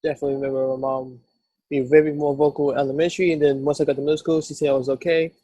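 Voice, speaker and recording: A man hosting a podcast, telling quick joking anecdotes in casual conversation. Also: mid-range voice, flat delivery, mellow, breathy edge, no room sound. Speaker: podcast host.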